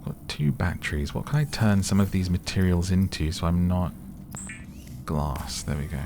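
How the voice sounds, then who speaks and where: Very deep, soft-spoken man. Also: animated, background noise. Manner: slow, rambling, gently amused. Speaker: gaming ASMR host. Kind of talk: soft-spoken sleepy gameplay commentary.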